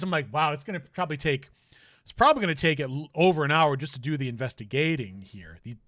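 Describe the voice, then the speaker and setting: A man's voice: fairly high pitch, bright, forceful tone, dry recording, studio quality. A man streaming a game, chatting casually and rambling with jokey asides. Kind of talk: casual let's-play commentary.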